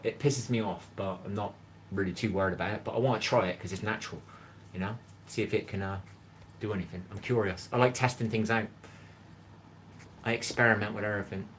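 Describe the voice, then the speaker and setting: Speaking from his home kitchen during a live cooking stream, a middle-aged man with a Bristol English accent greets viewers by name and reads their messages in a chatty way. His voice sits on the low side with a fairly bright tone, and there's slight background noise.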